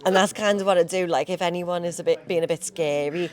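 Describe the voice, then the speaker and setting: A woman's voice: on the low side, steady tone, fast talker, crowd noise. A woman with a Scouse accent, an actor, telling chatty anecdotes in an interview. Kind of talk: press event interview.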